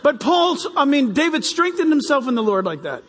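An older man preaching a sermon to his church, animated and jokey, acting out little voices. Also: very high voice, normal speed, slight background noise. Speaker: pastor. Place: church hall. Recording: reverberant hall.

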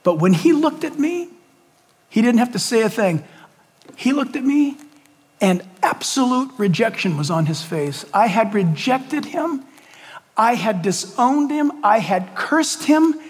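A man's voice: a little high, breathy edge, long reverb tail, voice pushed down. A preacher voicing a grief-stricken apostle who tells, in the first person, how he betrayed his teacher. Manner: confessional first-person retelling.

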